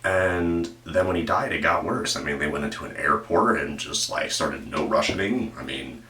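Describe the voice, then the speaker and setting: A man's voice: extremely low pitch, normal speed, pushed and bright, distant mic, a little hiss or hum. A man hosting casual true-crime commentary, rambling and profane and often breaking off mid-sentence. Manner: meandering, profane, self-interrupting. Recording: echoey room, voice off-mic.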